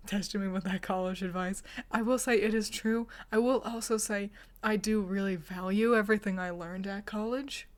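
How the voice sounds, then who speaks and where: A woman streamer chats casually with her viewers in a steady, medium-pitched voice at a moderate pace. She laughs often, hands out teasing, mock-insulting advice, and admits she's bad at whispering.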